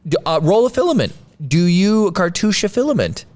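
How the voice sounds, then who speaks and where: A man's voice: sits high, big pitch swings, fairly quick, a little mellow. A man co-hosting a podcast, joking around playfully in casual live-stream chat. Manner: playful, jokey. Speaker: podcast co-host.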